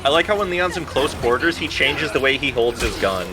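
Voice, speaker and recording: A man's voice: mid-range voice, expressive, brisk, background noise. A man chatting casually while a friend plays, giving tips and teasing her. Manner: laid-back, gives tips, teasing. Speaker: friend coaching the player. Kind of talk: casual gaming chat.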